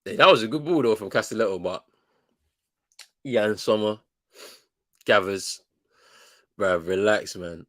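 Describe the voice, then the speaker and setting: A man's voice: lowish voice, expressive, moderate pace, long pauses, sharp tone. A young man reacting to a football match live as a watchalong host, slangy and exasperated, often breaking into laughter.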